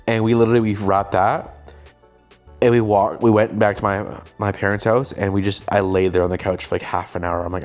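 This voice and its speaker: A young man hosting a casual show, telling a story with animated delivery and acting out what people said. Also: fairly low pitch, normal speed, faint music behind. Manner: animated, acts out quoted lines. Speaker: host, filmmaker.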